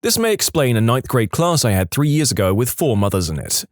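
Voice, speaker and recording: A man narrating reader-submitted stories in a scripted, expressive way, slowing down to land punchlines. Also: mid-range voice, no echo, clean studio sound. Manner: expressive, slows down to stress punchlines. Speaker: storytime narrator.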